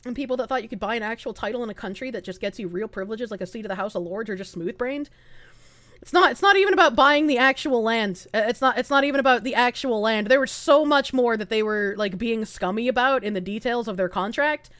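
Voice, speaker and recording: Woman streamer, high dry voice, live rant, profane, heated, laughs a lot. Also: fast, fairly bright tone, no room sound.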